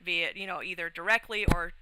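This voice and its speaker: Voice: mid-range voice, fast, pushed and bright, a little hiss or hum, poor audio. A young adult livestreamer chatting casually and rambling, with frequent restarts, swearing and laughs. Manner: laughs often while talking.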